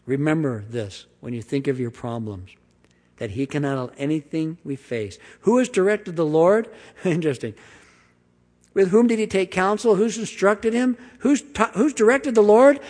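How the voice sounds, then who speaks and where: A man preaching a sermon, reading scripture aloud with sweeping emphasis and then dropping into quiet, conversational explanation. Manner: emphatic reading with big swings of pitch and volume, dropping to quiet asides. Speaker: pastor. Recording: long hall reverb.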